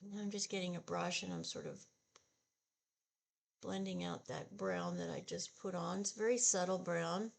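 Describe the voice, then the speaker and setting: A woman in her sixties chatting slowly and haltingly while she does her makeup, sounding upset and discouraged. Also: on the low side, very animated, creaky. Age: 60s. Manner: slow, subdued and halting, with sighs. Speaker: beauty vlogger. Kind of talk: casual get-ready-with-me chat.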